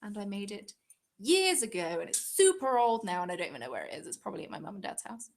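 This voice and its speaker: This young English crafting host has a gravelly, mid-range voice with big pitch swings and a quick pace. On her live stream she chats casually, reading out viewer comments in a giggly, rambling way.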